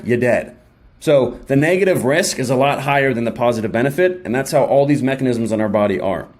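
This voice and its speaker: A young man giving a casual motivational talk straight to his viewers, energetic and slangy, often acting out quick imagined exchanges. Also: medium pitch. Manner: energetic, slangy, acts out quick mock dialogues. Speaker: self-help video host.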